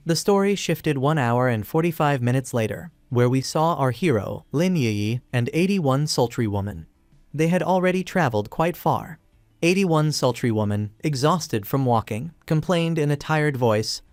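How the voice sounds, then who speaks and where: A man narrating a comic story recap in a steady, even reading. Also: medium pitch, moderate pace, no echo.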